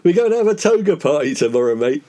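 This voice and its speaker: A man's voice: on the high side, big pitch swings, quick pace, heavy background noise. A man playing a pompous, teasing English comic lead in a comedy pastiche, drawling his jibes.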